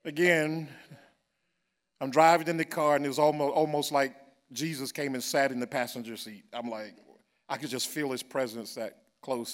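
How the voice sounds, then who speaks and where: A man preaching, telling a personal story that builds into loud, drawn-out praise. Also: mid-range voice, fairly even intonation. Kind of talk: sermon testimony. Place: church.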